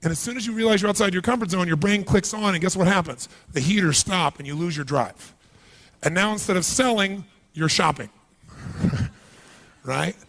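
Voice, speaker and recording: Male motivational speaker, high-pitched, animated seminar delivery, questions the crowd directly. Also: normal speed, vocal fry. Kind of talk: live seminar speech. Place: large event hall.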